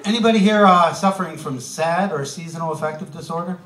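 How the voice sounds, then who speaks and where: A man's voice: on the high side, fast, reverberant. A man doing a stand-up comedy set, punchy and wry, throwing asides to the crowd. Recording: live club room, mic heard from a distance. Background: audience laughter.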